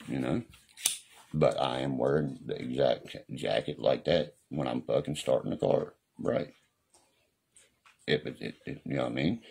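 A man's voice: extremely low pitch, gravelly, a little mellow, breathy edge. A man talking casually on a live stream in a rambling, profane way, often asking if you know what he means. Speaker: livestreamer. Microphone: phone or webcam on a live stream.

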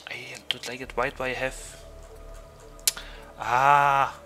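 A man's voice: mid-range voice, level tone, takes it slowly, sharp tone, faint music behind, low-quality recording. A man with a German accent chatting loosely and jokingly to viewers as a game streamer. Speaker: VTuber streamer. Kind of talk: gaming livestream chat.

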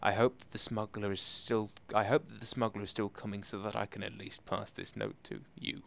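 A man doing excitable, self-mocking commentary over a video game and talking straight to his viewers. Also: lowish voice, a little fast, creaky. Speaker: gameplay commentator. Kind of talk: let's play commentary.

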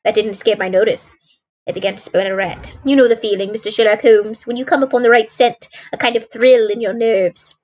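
A woman reads the part of a proud male detective, eager and boastful as he recounts his own clever work. The voice stays fairly high, close to the reader's own. It comes across as storybook narration. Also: steady tone, brisk, a little mellow, close to an everyday voice. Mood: telling.

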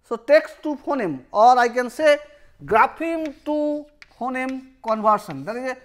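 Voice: sits high, lively intonation. A university lecturer who explains step by step, restarting often and repeating each term to make it stick. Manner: explanatory, repeats and rephrases terms; halting, with frequent restarts.

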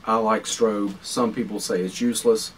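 Low-voiced man hosting a survival vlog. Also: fairly even intonation. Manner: unhurried, practical, with frequent uh fillers and pauses. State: talking while chewing food. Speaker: survival channel host. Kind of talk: casual explanatory vlog talk. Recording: distant mic with faint background noise.

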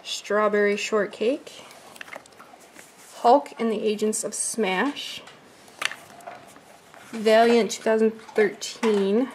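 A woman's voice: mid-range voice, steady tone, a little mellow, slight background noise. A woman vlogging casually at home, chatting while she unboxes and reads out comic titles. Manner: chatty, slow when reading titles.

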